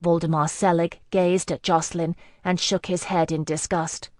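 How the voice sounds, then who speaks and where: Low-voiced woman narrating a novel. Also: no room sound, clean studio sound. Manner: even, measured first-person narration. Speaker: audiobook narrator. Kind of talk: scripted narration.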